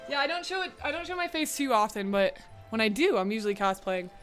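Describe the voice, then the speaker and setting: A chatty young woman with a slightly high voice, talking casually to her live stream from a room at home. She is bubbly and fills her talk with "like". Soft music plays faintly behind her. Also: fast. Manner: bubbly and chatty, full of "like" fillers. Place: home room with a bright window.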